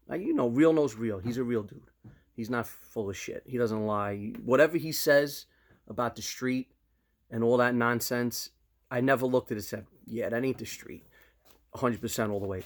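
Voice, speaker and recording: New guy in his 50s just talking to his viewers, animated storyteller, loud when he gets going. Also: lowish voice. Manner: animated storyteller, slips into loud quoted voices. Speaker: vlogger. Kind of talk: casual chat to camera.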